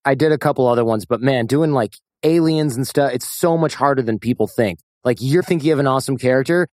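A man hosting a casual podcast conversation, easygoing and quick to laugh and agree. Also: medium pitch, darkish tone, dry recording, studio quality. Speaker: podcast host.

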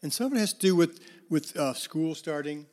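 A man's voice: a little high, expressive, brisk, a little mellow. A male counselor telling parables in a conversational talk, with fillers and restarts. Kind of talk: storytelling talk on forgiveness.

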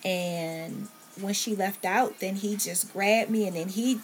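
A woman's voice: mid-range voice, takes it slowly, slight background noise. A woman, a podcast guest, telling a personal story at home and acting out what others said to her. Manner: earnest, relives scenes by quoting others' words. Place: at home, in a bedroom with a TV on.

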